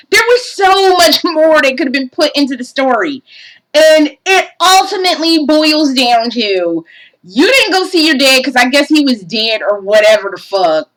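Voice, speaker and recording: A woman's voice: high voice, expressive, normal speed, fairly bright tone, low-quality recording. A woman giving a casual game review, profane and exasperated, ranting animatedly.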